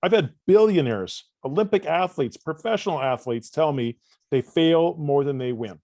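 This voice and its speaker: Dry-sounding animated male storyteller. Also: on the high side, moderate pace, no echo. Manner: animated storyteller, acts out dialogue. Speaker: guest coach. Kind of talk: conversational podcast interview.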